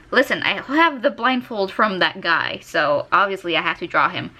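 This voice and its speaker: A young woman draws and chats for her art vlog, giggly and effusive about her favorite characters. She speaks at a moderate pace in an expressive mid-range voice with a bright, forceful tone, captured by a desk USB microphone.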